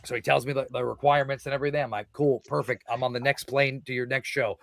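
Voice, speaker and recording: A man in his thirties, a podcast guest telling a wrestling story in casual, excitable talk, swearing often and acting out quotes. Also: medium pitch, fast, creaky, dry recording.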